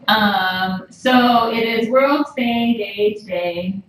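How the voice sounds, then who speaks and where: On a live stream from a room full of kittens, a woman with a fairly high voice coos and half-whispers soft baby talk to them while chatting casually, speaking slowly with few pauses. She's a cat rescuer, and the audio is echoey, distant from the mic, with faint noise.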